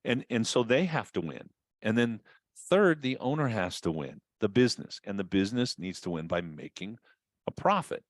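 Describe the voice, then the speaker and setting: A man with a low, deep voice talks through a business webinar in an easy, conversational way. He often pauses on fillers and restarts his sentences. The sound is dry, with no room echo. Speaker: auto repair business consultant. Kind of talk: webinar talk.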